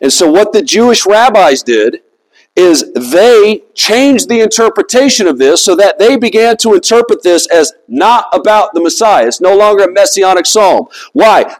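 A man's voice: high-pitched, rough recording. A man preaching a sermon in a conversational, emphatic way, asking his listeners rhetorical questions. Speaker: pastor.

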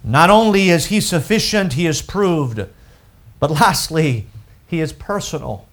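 A man delivers a sermon in a fairly high voice. He speaks slowly and with emphasis, pausing on key words and repeating important phrases. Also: animated. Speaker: preacher.

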